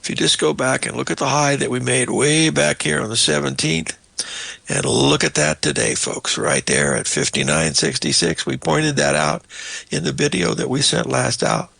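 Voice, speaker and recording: A man's voice: mid-range voice, sing-song, normal speed, gravelly, pushed and bright, slightly rough, dry recording. An older man hosting a market show, walking through charts in a folksy, rambling way and calling his viewers "folks", with a slightly choked-up voice. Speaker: market analyst host. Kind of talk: live chart analysis talk.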